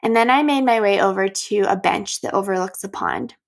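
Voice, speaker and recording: A middle-aged woman hosting a podcast, talking calmly and gently as she guides the listener through breathing practices. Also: mid-range voice, fairly quick, gravelly. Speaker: podcast host. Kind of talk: reflective solo podcast talk.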